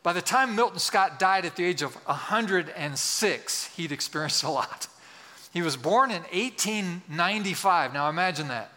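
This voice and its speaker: A man's voice: sits high, expressive, normal speed, sharp tone. A man preaching a sermon to his congregation, earnest and leading them in call-and-response. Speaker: pastor. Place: church sanctuary. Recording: church hall with long reverb.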